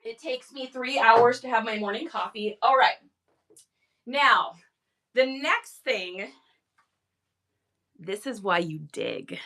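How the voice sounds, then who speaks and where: A woman's voice: on the high side, slow, pauses often, sharp tone. A middle-aged woman hosting a live reselling stream, chatting casually with lots of energy and enthusiastic tangents. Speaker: livestream reseller host. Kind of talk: casual livestream chat.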